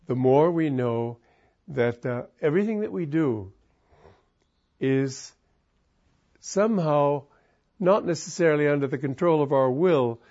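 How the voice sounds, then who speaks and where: Calm spiritual teacher, a man in the middle of his pitch range, speaking in reflective, loosely strung sentences on a muffled recording. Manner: calm, musing, wandering sentences. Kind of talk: reflective spiritual talk with personal story.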